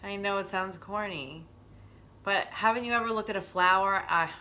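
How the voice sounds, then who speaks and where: Rambling, chatty middle-aged woman, bright tone. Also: mid-range voice, moderate pace. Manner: rambling, chatty and openly emotional. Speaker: wellness stream host. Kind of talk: casual chat.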